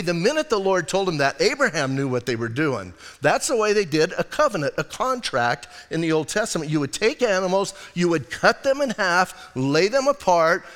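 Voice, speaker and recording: A middle-aged male pastor preaching a sermon in a chatty, animated storytelling manner. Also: high voice. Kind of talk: expository sermon. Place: church. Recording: reverberant church sanctuary.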